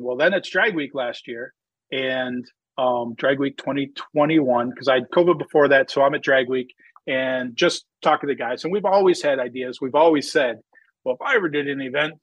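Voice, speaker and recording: A drag racer who went on to start a magazine tells his story in a rambling, casual interview, his medium-pitched voice full of fillers and growing animated whenever he quotes himself. The recording is dry and the audio dull.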